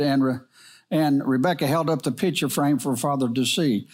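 A middle-aged man reading a moral story aloud in a gentle, earnest manner. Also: mid-range voice, normal speed.

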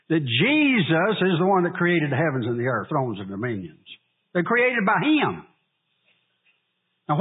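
A man preaching a sermon, asking the congregation questions and pausing for answers. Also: on the high side, breathy edge, phone-quality sound. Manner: preaching with call-and-response questions. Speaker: pastor.

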